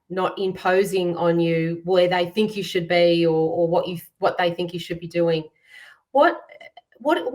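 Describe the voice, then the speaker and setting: Woman, host, encouraging, reflective, a little far from the mic. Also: lowish voice. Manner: warm, encouraging, reflective, many fillers. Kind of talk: hosting a livestream conversation.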